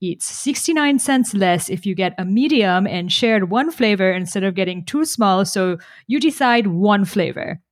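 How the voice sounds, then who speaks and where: A woman's voice: medium pitch, expressive, normal speed, hardly any pauses, dry recording, clean studio sound, natural voice. A woman putting on a Persian accent as a curt, thrifty father in an anecdote. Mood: stern. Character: stern thrifty immigrant father, man. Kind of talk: impression within a story.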